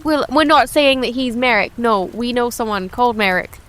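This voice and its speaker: A woman player chatting casually in a tabletop game, animated and laughing often. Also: a little high, moderate pace.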